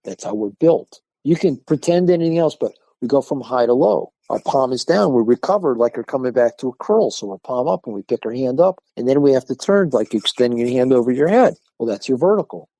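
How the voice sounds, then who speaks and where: Older man telling animated stories. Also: medium pitch, brisk, hardly any pauses, no echo. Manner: animated storyteller, acts out quoted voices. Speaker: martial arts instructor, podcast guest. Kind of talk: casual interview talk.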